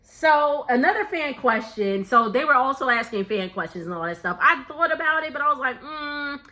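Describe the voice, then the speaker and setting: A reality TV recap vlogger, a young woman, chats through a casual gossip recap in a high-sitting voice with lively intonation. Her delivery is brisk, bright, and forceful, and she laughs often while quoting people in playful voices.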